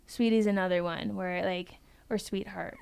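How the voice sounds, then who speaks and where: A woman's voice: medium pitch, steady tone, moderate pace, gravelly, darkish tone, clear, resonant tone. A young woman talking bluntly and emphatically on a casual podcast panel, swearing freely.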